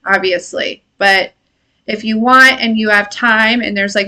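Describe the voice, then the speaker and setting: A woman's voice: fairly high pitch, pushed and bright. Chatty woman hosting a casual live reading. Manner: chatty, laughing, swears casually, reads chat comments aloud. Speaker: intuitive reader and live stream host. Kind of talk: casual live-stream tarot-style reading.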